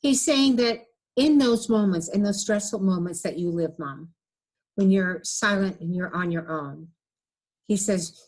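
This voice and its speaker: Woman medium, earnest and gentle, mid-pitched, relays messages. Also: unhurried. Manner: earnest, gentle, relays words with many "he says". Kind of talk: casual chat, relaying messages.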